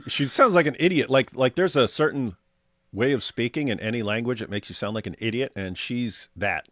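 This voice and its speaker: A man's voice: medium pitch, brisk, a bit bright, no room sound, clean studio sound. A man co-hosting a casual livestream, reading viewer chat aloud with sardonic humor. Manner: sardonic, mock voices for quoted viewers.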